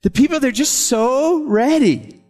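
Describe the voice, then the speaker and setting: A man preaching a sermon as pastor, lively and chuckling often as he talks. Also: extremely high pitch, a little slow. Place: church. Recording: long hall reverb.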